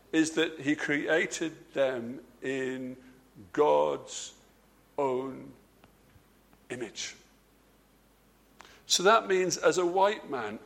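Male preacher, sermon, slightly high voice, emphatic, slows right down and drops low on key words. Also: gravelly, fairly bright tone. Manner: repeats words and restarts phrases.

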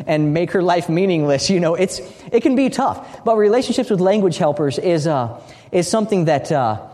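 A man from the United States gives a teaching talk and tells his stories with energy, often repeating words as he restarts a thought. His voice sits a little high. The sound rings out with the long reverb of a big hall. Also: dark tone. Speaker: speaker at a training session. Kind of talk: teaching talk with a told story.

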